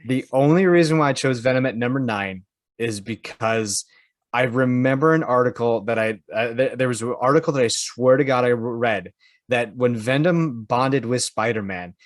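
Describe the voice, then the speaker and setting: A man's voice: mid-range voice, normal speed, dry recording. A man co-hosting a podcast, rambling through his points and teasing the others. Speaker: podcast co-host. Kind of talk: casual podcast chat.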